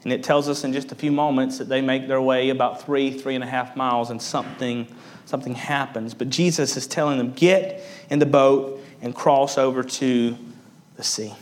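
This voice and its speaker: A man preaching a sermon, verse by verse. He presses up in emphasis and then drops low for weight, and he repeats words as he explains. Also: steady tone, moderate pace. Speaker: pastor.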